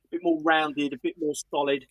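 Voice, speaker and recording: A man with a Cockney accent trades blunt opinions in casual podcast chat, with a fairly high voice. His humor is dry. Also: level tone, a little fast, no room sound, muffled recording. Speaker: podcast co-host. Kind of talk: casual chat, album review.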